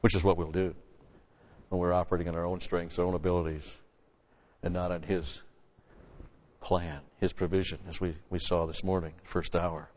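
A man preaching an expository sermon from a Bible passage, emphatic, with loud stressed words and quiet asides. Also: deep voice, level tone, normal speed, long pauses. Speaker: pastor. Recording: lo-fi recording with long hall reverb.

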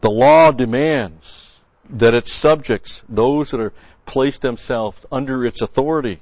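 A male Bible teacher working through a passage word by word, hammering home key points by repeating them. His voice sits at a middling pitch. The recording is dull and lo-fi, with a dry, close sound. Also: measured pace, darkish tone, dry recording. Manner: emphatic, repeats key words for stress; explains original-language grammar. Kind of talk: verse-by-verse sermon teaching.

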